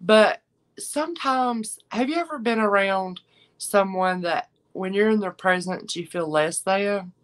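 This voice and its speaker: A woman's voice: medium pitch, a little slow, rough recording. Woman, 50s, live-stream seller, chatty and sincere, talks right to the viewers.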